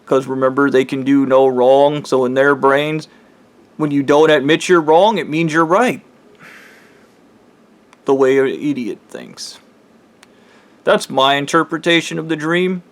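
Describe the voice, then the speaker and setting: Brief: everyday man recounting a dream on camera, loose and rambly, profane, average pitch. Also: a little slow, pauses often. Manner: rambling with constant "like" fillers and profanity. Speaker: vlogger. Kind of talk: casual dream retelling.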